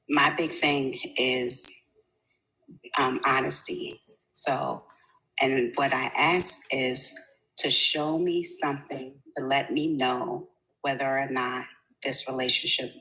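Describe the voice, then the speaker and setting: Client woman, very deep voice, hesitant, pauses a lot while searching for words. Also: bright, forceful tone, rough recording. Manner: hesitant, many pauses and fillers. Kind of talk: casual conversation in a reading session.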